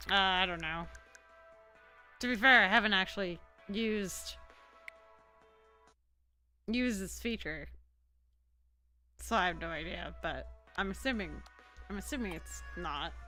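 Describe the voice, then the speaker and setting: A woman's voice: mid-range voice, animated, slow, pauses often, sharp tone, faint music behind. A woman streaming a game casually, rambling and chatting with her viewers. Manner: rambling, chatty, talks to chat. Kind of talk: casual gameplay livestream chat.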